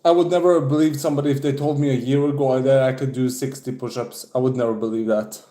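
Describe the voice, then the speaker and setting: A man's voice: mid-range voice, fairly even intonation, fast, warm tone, roomy sound. A young man from Serbia chatting casually on a livestream, out of breath after push-ups and swearing often. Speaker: streamer.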